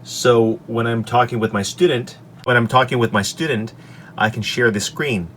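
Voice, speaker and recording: A man who teaches English, recorded in his office on a desk microphone, walking through his lesson slides in an upbeat way and saying each example sentence clearly. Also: mid-range voice, steady tone, moderate pace, a bit bright, a little hiss or hum. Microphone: desk microphone on an extension arm.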